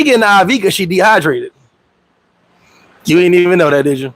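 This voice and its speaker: A man hosting a casual livestream chat, animated and laughing, telling stories with profane street slang and acting out quotes in high voices. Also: brisk, long pauses, no echo, rough recording. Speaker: host. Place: Dominican Republic.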